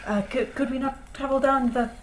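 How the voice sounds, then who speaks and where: A woman's voice: mid-range voice, steady tone, brisk, roomy sound, a crowd in the background. A British woman at a tabletop game, making dry, sarcastic quips. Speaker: player. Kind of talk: tabletop role-play chat.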